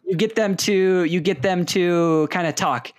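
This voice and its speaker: Young man telling a lively story. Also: sits high, measured pace, no echo. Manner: animated storyteller, acts out quotes. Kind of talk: casual storytelling chat.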